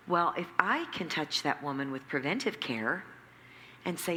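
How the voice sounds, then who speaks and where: A woman who runs a nonprofit, telling her story in an interview with lively acted-out quotes and emphatic repetition. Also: sits low, a little slow. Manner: animated, acts out quoted dialogue, emphatic repetition. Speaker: nonprofit CEO, interview guest. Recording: echoey hall with faint background noise.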